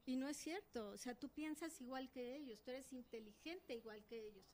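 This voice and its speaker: A woman's voice: high voice, quick pace, darkish tone. A woman taking part in a workshop, earnestly making a point in class before putting her question to the lecturer. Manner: earnest, explains a point at length then asks. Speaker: workshop participant. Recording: distant roomy classroom recording with background noise.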